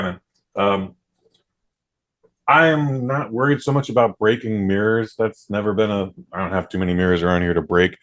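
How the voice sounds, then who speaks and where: A man hosts a podcast in a slightly low voice. He talks casually and loosely, dropping "like" and "dude" often and swearing freely. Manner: laid-back, swears freely, uses lots of "like" and "dude". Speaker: podcast host. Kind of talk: casual chat.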